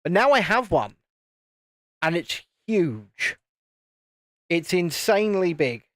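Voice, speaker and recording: A man's voice: high voice, sing-song, takes it slowly, no room sound, studio quality. A man chatting casually and rambling on a live stream while building Lego. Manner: chatty, rambling, self-interrupting.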